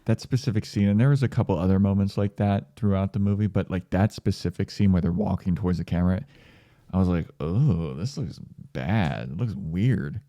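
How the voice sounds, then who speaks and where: Man, podcast co-host, sarcastic, casual swearing, low mellow voice, dry sound. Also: steady tone, quick pace, dry recording. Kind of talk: casual film review chat.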